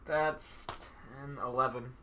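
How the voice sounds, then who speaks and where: A man playing in a tabletop role-playing game, joking around and reacting quickly. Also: medium pitch, steady tone, noisy background. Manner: joking, quick, self-deprecating. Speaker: player. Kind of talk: tabletop role-play banter.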